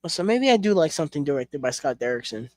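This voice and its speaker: A man's voice: a little high, very animated, quick pace, darkish tone, no echo. Casual young man rambling, dry sound. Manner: rambling with fillers and frank swearing. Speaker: collection reviewer. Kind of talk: casual chat.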